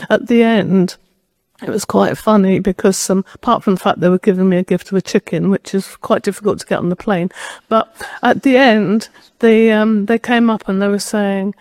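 A woman preaching a sermon at a medium pitch, sharing a personal story as if talking to friends. Her voice is close and dry, with almost no room sound. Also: fairly even intonation, moderate pace, darkish tone, no echo. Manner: personal storytelling, conversational and direct.

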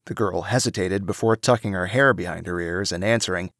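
A man narrating a storybook with an expressive reading. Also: low-pitched, a little fast, hardly any pauses, no echo, clean studio sound.

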